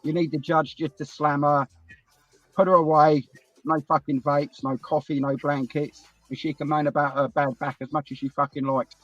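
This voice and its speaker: A man's voice: on the high side, flat delivery, normal speed, fairly bright tone, no echo, muffled recording. Profane British man calling from his car. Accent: British English. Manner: profane, blunt. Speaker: caller. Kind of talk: casual chat.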